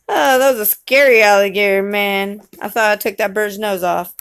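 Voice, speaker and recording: A mother reading a picture book with her small child, coaxing and gently teasing. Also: mid-range voice, moderate pace, hardly any pauses.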